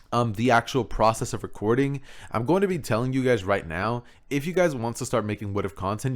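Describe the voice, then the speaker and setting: A man talking in a laid-back, rambling way, with fillers and self-mocking asides, as he explains his video-making process in a casual tutorial. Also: medium pitch. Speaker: YouTuber. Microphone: XLR studio microphone.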